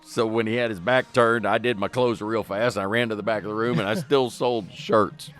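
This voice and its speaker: A man's voice: on the low side, a little fast. A man with an American accent, a comedian telling a story as a podcast guest in a bar. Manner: animated anecdote teller. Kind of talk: casual storytelling chat.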